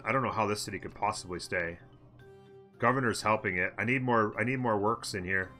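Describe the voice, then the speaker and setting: Over soft background music, a man hosting a let's play talks through a strategy game live, a little fast, murmuring his strategy and responding to his audience. His voice is fairly low yet very bright and forceful, with a tense edge.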